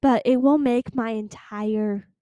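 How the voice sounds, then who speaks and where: A woman's voice: a little high, fairly even intonation, slow, warm tone, dry recording, lo-fi sound. A teenage girl hosting her own podcast, chatting casually and pleading earnestly with her listeners. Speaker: podcast host. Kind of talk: casual solo podcast chat.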